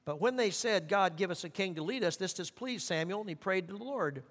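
A man with a high, light voice delivers an earnest sermon, slowing down when he reads scripture aloud. His words ring out with a long reverb through a church sanctuary. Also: lively intonation, a bit bright. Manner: earnest, slows for scripture and repeats for emphasis. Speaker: pastor.

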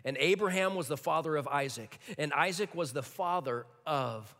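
A man preaching a sermon with animated delivery, sometimes dropping to a hushed near-whisper for emphasis. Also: on the high side, moderate pace. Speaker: pastor. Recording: long hall reverb.

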